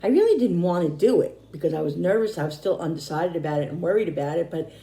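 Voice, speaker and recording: A middle-aged woman vlogger chatting casually to camera, rambling and repeating herself, slightly hoarse and tired. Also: fairly low pitch, lively intonation, quick pace, warm tone. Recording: echoey room.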